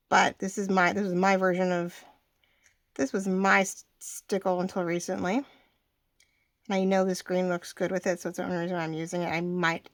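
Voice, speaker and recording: A woman in her forties talks through a craft project at her table in a loose, rambling way, often stopping and restarting her sentences. Her voice sits at an ordinary middle pitch. The recording is dry and close, with almost no room sound. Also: dry recording. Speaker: craft channel host. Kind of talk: casual craft tutorial.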